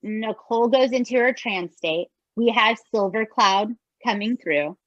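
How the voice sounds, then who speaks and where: A woman podcast co-host in casual chat, unhurried and enthusiastic in her reactions. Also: fairly high pitch, fairly bright tone, no room sound, lo-fi sound.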